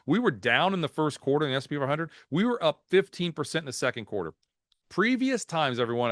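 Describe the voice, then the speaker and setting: A man presenting a market outlook over slides in a video webinar, folksy and animated, dropping jokes and anecdotes. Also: medium pitch, no room sound, clean studio sound. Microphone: video call.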